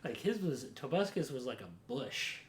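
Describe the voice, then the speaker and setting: Animated rambling young man, roomy sound. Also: mid-range voice, normal speed. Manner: rambling, says dude a lot, jumpy and animated. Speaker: podcast co-host. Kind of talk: casual chat. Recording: roomy echo, faint noise.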